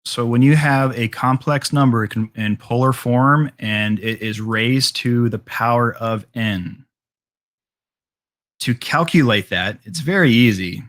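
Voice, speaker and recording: A man teaches a math class in a casual, conversational way. He works through each step out loud and keeps filling pauses with ums and all rights. His voice sits at an ordinary middle pitch. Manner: casual, filler-heavy explaining with frequent ums and all rights. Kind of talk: classroom lecture.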